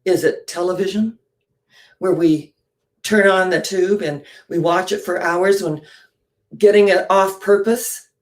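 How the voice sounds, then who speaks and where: A woman giving a spiritual storytelling talk, animated, often posing questions to her listeners. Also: on the low side, a little slow. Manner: animated, poses rhetorical questions. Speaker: inspirational speaker.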